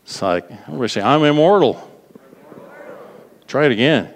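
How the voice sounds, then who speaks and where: A man preaching a sermon to a congregation, animated, repeating words for emphasis and prompting them to respond. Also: medium pitch, moderate pace, slight background noise. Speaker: pastor. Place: large hall. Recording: long reverb of a large hall.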